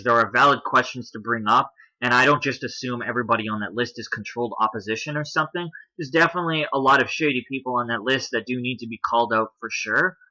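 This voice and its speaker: A man's voice: mid-range voice, bright, forceful tone, poor audio. A man hosting his own channel, talking casually through a screen-shared chart and thinking aloud as he goes. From Canada. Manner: conversational, thinking aloud while browsing a chart. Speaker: political commentary channel host. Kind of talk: screen-share explainer commentary.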